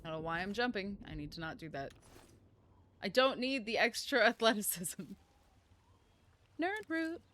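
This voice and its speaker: A woman streamer chatting casually over her gameplay in an animated way, laughing often. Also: medium pitch, brisk.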